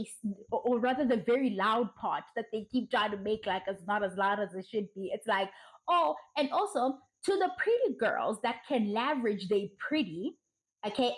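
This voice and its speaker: A woman giving blunt, profane commentary, ranting emphatically and mocking others in put-on soft voices. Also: fairly high pitch, rough recording. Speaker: social commentary vlogger.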